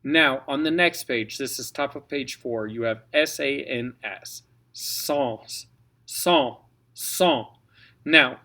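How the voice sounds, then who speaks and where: A man's voice: medium pitch, bright, forceful tone. A man coaching a choir on French diction, patiently spelling out letters and modeling each sound. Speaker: choir director. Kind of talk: French diction lesson for singers.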